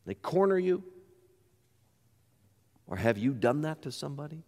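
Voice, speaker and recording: A man's voice: a little high, very animated, normal speed, darkish tone, in a large hall. A man pastor delivering a sermon, emphatic and full of rhetorical questions.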